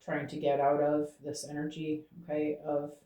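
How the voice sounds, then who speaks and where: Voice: medium pitch, monotone, moderate pace, mellow. A tarot reader giving a channeled reading to viewers, talking aloud to Spirit and tagging phrases with "okay?". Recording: roomy echo.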